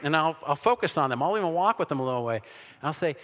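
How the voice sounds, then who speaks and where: A man's voice: a little high, expressive, fast talker, sharp tone. Emphatic man preaching in a hall. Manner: emphatic, with sarcastic asides and rhetorical questions; frequent restarts and repeated words. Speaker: Christian speaker on evangelizing. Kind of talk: preached talk to an audience. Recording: long hall reverb.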